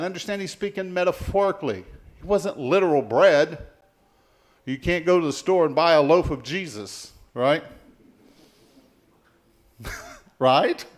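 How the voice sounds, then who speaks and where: A man preaching a sermon as pastor, leading the congregation in call-and-response and swinging between soft and loud passages. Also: medium pitch.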